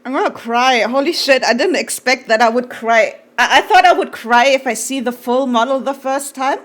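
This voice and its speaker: Woman streamer gushing over art, kinda high voice, excitable, swears a lot. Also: normal speed. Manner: gushing, excitable, swears freely, trails off with fillers. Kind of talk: casual live-stream chat.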